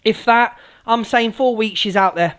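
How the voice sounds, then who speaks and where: A woman's voice: fairly high pitch, moderate pace, background noise. A woman hosting a live stream, chatting casually, swearing freely and calling out greetings to viewers. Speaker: livestream host.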